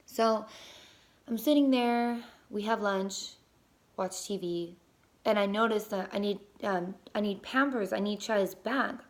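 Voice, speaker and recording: A young woman casually telling a personal story as a mother, lively, with many fillers and casual swearing. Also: mid-range voice, measured pace.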